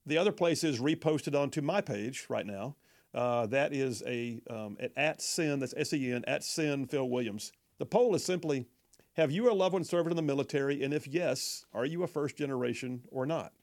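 A man's voice: medium pitch, moderate pace, darkish tone. A man hosting a talk radio show, chatty and folksy, reading listener texts and often stumbling over his words.

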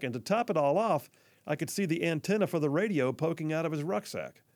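A man's voice: a little high, a little mellow, dry recording. A man hosting a news talk show who tells a personal story in a folksy, earnest way and speaks directly to his listeners. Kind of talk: storytelling monologue.

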